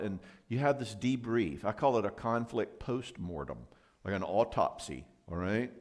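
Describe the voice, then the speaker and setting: A middle-aged man gives a marriage seminar talk to a live audience. He tells stories in a lively way and acts out both sides of a couple's quarrel. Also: lowish voice, a little fast.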